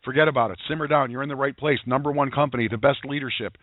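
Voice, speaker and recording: A man's voice: mid-range voice, steady tone, rapid-fire, no echo. A man hosting a sales call, exhorting listeners in a pumped-up way and repeating phrases for emphasis. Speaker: host. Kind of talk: motivational sales call talk. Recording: tinny phone-line audio.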